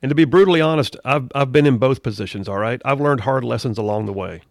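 A man's voice: medium pitch, fast, gravelly, dry recording, clean studio sound. A middle-aged man hosting a talk radio show, delivering a folksy, conversational monologue with preachy asides.

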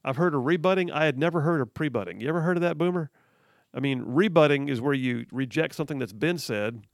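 A man's voice: on the high side, fast talker, no echo, studio quality. A man hosting political talk radio, reading headlines aloud and mocking them with frequent laughs. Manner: sarcastic, laughs often, reads headlines aloud. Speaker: radio talk show host.

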